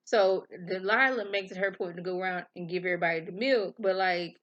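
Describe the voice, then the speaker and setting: A woman's voice: mid-range voice, moderate pace, a bit bright, muffled recording. A woman with a Southern US accent casually recapping a TV episode in a chatty, slangy storytelling way. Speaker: TV review vlogger.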